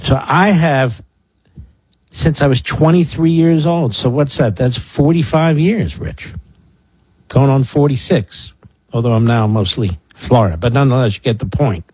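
A man's voice: mid-range voice, a little slow, darkish tone, breathy edge, dry recording. A man in his sixties from the Philadelphia area hosting a political talk radio show, sarcastic and mocking, with asides to his producer. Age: 60s.

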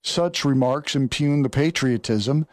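A man's voice: mid-range voice, unhurried, no echo. Indignant male political commentator, dry sound. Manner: indignant, sarcastic, retells events with quotes. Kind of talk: opinionated monologue.

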